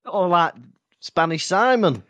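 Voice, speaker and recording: A playful man co-hosts a podcast, his voice rising and falling through quick banter and encouragement. He sounds close and dry. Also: high voice, expressive, fairly bright tone, no echo, muffled recording. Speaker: podcast co-host. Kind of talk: casual chat.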